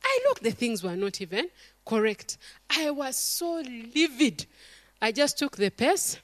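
A woman's voice: high voice, unhurried, no room sound. A middle-aged woman, preaching a sermon to a congregation and acting out stories and quotes. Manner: animated storytelling, acts out quotes, calls to the congregation.

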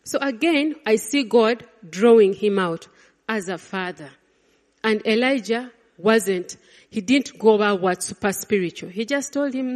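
A woman preaching a sermon, swinging between loud exclamations and hushed, quiet lines. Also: medium pitch, measured pace. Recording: long reverb of a large hall.

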